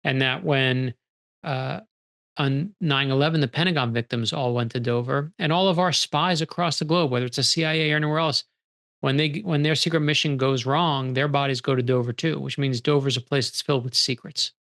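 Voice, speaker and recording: Gravelly-voiced man telling stories animatedly. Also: mid-range voice, a little fast. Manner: animated storyteller acting out quoted dialogue. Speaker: author guest. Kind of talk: storytelling interview conversation.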